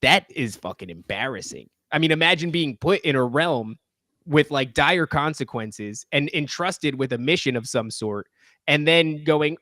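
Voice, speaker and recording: Podcast guest, thirties man: heated, profane, rambling rant, fairly high voice, dry close sound. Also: animated, normal speed, a bit bright, dry recording. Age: 30s.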